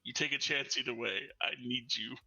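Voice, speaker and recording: Bright-voiced man player, lo-fi mic. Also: mid-range voice, steady tone, a little fast, vocal fry. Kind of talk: casual tabletop game play. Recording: dull lo-fi mic.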